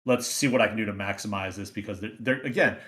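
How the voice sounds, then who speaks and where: A man hosting a podcast, explaining in halting speech with many repeated words and restarts. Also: lowish voice, pushed and bright. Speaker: podcast host. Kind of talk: casual chat.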